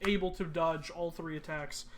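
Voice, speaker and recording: A man narrating as game master of a tabletop game, pausing often with ums and uhs. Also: a little high, steady tone, slight background noise. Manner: halting, many ums and uhs.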